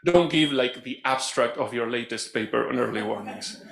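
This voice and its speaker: Lively man running a workshop, echoey room. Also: medium pitch, moderate pace, creaky. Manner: animated, playful, instructive. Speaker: workshop facilitator. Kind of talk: live conference workshop. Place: conference room.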